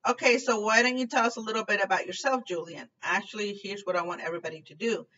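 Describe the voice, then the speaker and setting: A woman's voice: mid-range voice, quick pace, sharp tone, recorded from a distance, lo-fi sound. A woman voicing a cheerful middle-aged female homeroom teacher, speaking in an upbeat, encouraging way.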